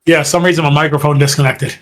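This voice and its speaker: A man's voice: on the high side, fairly even intonation, quick pace, a bit bright. A man co-hosting a podcast in casual chat, animatedly retelling events and acting out quotes in a raised voice. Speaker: podcast co-host.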